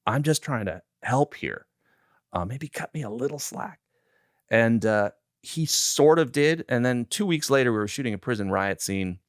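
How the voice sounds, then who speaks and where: Lively sixties man telling set stories. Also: medium pitch, moderate pace, dry recording, clean studio sound. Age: 60s. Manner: animated storyteller who acts out quoted lines. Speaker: film director, guest. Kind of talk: interview storytelling.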